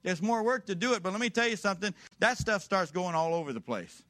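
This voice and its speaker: A man's voice: high-pitched, animated, quick pace, bright, forceful tone. Emphatic preacher man, rising to exhortation. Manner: rhetorical questions to the congregation. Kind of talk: sermon.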